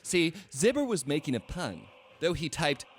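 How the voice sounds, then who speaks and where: A man's voice: a little high, very animated, normal speed, a little hiss or hum. A man in his late twenties giving a wry, sarcastic scripted narration as a video host. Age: late 20s.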